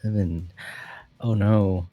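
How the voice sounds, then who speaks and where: Very deep-voiced woman, slow and dry. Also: steady tone, no echo, highs cut off, soft background music. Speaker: player. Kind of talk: casual tabletop play.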